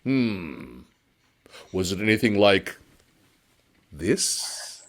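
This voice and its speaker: A man doing a calm eerie noodle-seller ghost. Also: deep voice, extremely slow, full character voice.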